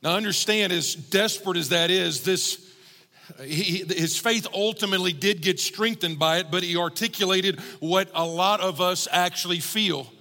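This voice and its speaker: A male pastor delivers a sermon in a slightly higher-pitched voice with a gravelly texture. He sounds earnest and grows more emphatic as he presses his points. A long reverb from a large hall trails after his words. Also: moderate pace, sharp tone. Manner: earnest, building to emphatic preaching.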